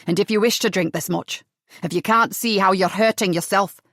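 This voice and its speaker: A woman voicing a pious, patient widowed man who speaks in a steady, measured way in an audiobook romance. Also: mid-range voice, no echo, studio quality. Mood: calm.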